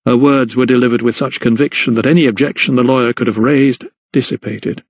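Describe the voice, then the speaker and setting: Scripted audiobook narration from a man whose mid-range voice stays steady and measured throughout. The recording itself is dry.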